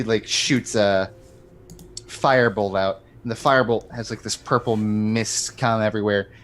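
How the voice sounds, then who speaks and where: A man's voice: fairly low pitch, a bit bright, slight background noise. A man playing in a tabletop game, chatting casually and explaining rules and dice rolls. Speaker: player. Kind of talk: casual tabletop play chat.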